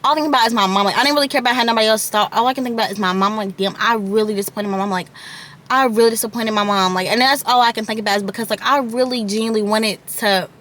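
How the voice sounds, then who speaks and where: A woman's voice: a little high, racing, a bit bright. An eighteen-year-old woman vlogger telling a casual storytime monologue into her camera mic, rambling with lots of "like" and "y'all" asides.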